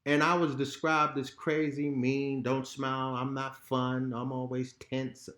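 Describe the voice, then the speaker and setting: A man's voice: mid-range voice, completely flat delivery, a little slow, a bit bright. Blunt, profane man in a roomy space. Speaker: podcast guest. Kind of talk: raw candid conversation. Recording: roomy echo.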